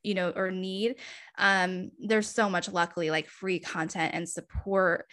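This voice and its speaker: A woman's voice: lowish voice, unhurried. A woman guesting on a podcast, chatting casually and enthusiastically with many fillers. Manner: relaxed, enthusiastic, filler-heavy. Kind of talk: casual chat.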